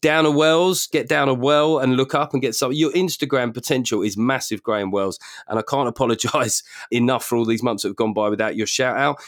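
A man's voice: mid-range voice, brisk, few pauses, dry recording, clean studio sound. Joking man hosting. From South London. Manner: joking, riffing on names. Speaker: podcast host. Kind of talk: casual comedy chat.

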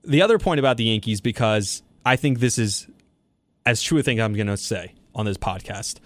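A man's voice: on the low side, moderate pace, no echo. A young man hosting a solo sports podcast, talking through his opinions in long run-on thoughts with fillers. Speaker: podcast host.

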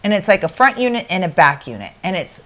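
Animated woman telling a story. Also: lowish voice, fast. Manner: animated, acts out quoted voices, many restarts. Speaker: podcast co-host. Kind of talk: casual storytelling chat.

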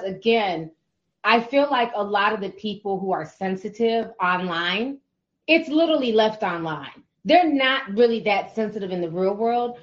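A woman hosts a call-in show in a conversational, affirming way, her voice at a middle pitch. The audio is dull and lo-fi. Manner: conversational, affirming, many "you know"s. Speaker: host.

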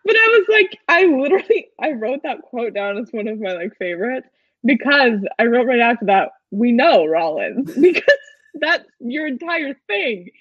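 A woman's voice: high voice, dry recording. A woman co-hosting a podcast, chatting enthusiastically in a casual fan recap. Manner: animated and enthusiastic, quick asides with laughs. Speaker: podcast co-host. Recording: dry, dull lo-fi recording.

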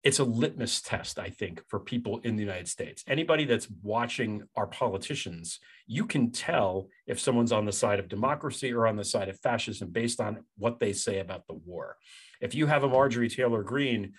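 Husky-voiced blunt male commentator. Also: on the low side, lively intonation, moderate pace. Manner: blunt, conversational, opinionated. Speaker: guest commentator. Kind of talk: casual political chat.

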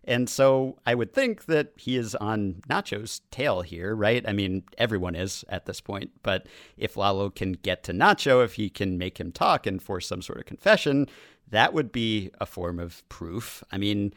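A man's voice: on the low side, measured pace, no echo, clean studio sound. A man co-hosting a podcast, talking through a TV episode in casual chat with joking asides. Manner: animated, joking asides with laughs. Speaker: podcast co-host.

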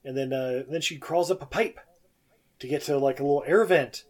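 A man's voice: fairly high pitch, normal speed. A man co-hosting a podcast, casually recapping a film scene by scene, laughing often and acting out the characters' lines. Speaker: podcast co-host.

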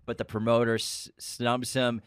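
Male co-host, middle pitch, relaxed recap chatter, asks for confirmation, dry booth sound. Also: measured pace, smooth, dry recording. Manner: laughs often and checks facts with his co-host. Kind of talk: casual chat recounting a film from memory.

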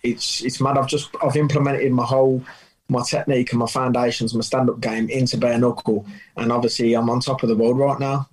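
A man's voice: mid-range voice, level tone, brisk, rough recording. A man from the UK, a fighter, answering interview questions over a video call in a cocky, casual way. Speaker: guest fighter. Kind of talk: remote interview.

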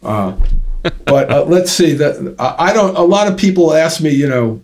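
A man's voice: fairly high pitch, expressive, moderate pace, a little mellow, slight background noise. A man telling a long story as an interview guest, rambling with many fillers and restarts. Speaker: interview guest, drum company founder. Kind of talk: casual storytelling.

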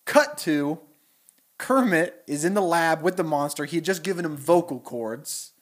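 A young man co-hosting a podcast and telling a story with lots of energy. His voice sits a little high, and he keeps slipping into goofy character voices as he talks. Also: normal speed. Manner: animated storyteller, does silly character voices. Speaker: podcast co-host. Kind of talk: casual chat, pitching a story.

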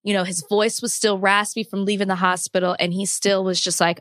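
Woman co-hosting a podcast, casual chat, earnest and reflective, mid pitch, dry close sound. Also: fast, few pauses, fairly bright tone, no echo. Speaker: podcast co-host.

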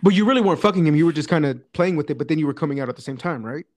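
A man's voice: fairly high pitch, lively intonation, racing, darkish tone. A man hosting a casual chat who laughs easily and talks bluntly. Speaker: podcast host.

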